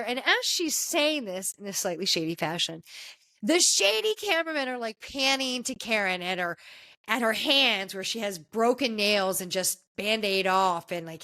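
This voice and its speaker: A woman's voice: medium pitch, lively intonation, normal speed, bright, forceful tone. A woman hosting a podcast, chatting casually and gossipily through a reality show recap with many restarts. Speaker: podcast host.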